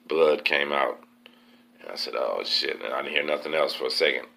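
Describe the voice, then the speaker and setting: A man hosts a podcast and retells a story in a casual, streetwise way, with frequent cursing and quoted dialogue. His voice sits very low. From Texas. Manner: streetwise, profane, animated retelling. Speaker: podcast host.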